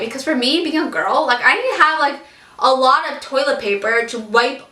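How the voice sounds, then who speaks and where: Young woman vlogger, high bright voice, frank and chatty, roomy echo, a bit off mic. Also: lively intonation, normal speed, distant mic. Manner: frank and chatty, swears casually, laughs often. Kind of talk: candid storytelling vlog.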